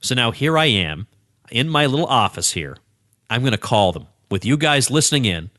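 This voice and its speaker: A man hosting a podcast from his small home office, telling a story in a playful, animated way. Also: mid-range voice, normal speed, no echo, studio quality. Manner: lively, playful, animated retelling with laughs. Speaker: podcast host. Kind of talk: casual storytelling monologue. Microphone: studio microphone.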